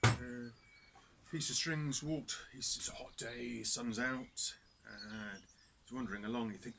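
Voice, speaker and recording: A man's voice: medium pitch, a little slow, sharp tone. A man leading cub scouts through activities in a casual instructional video, chatty and self-deprecating. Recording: background noise.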